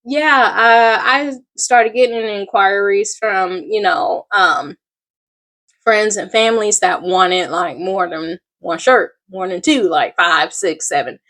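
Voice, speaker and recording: A woman's voice: mid-range voice, takes it slowly, a bit bright. A middle-aged woman, telling her story in a rambling, chatty personal vlog, full of fillers and asides. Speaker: small craft business owner.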